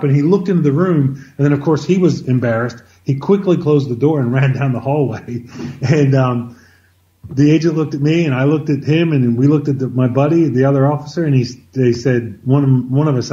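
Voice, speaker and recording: A man as an interview guest, telling an anecdote in an animated conversational way, often repeating words as he starts a sentence. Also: mid-range voice, muffled recording. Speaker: interview guest, former White House officer. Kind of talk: conversational storytelling.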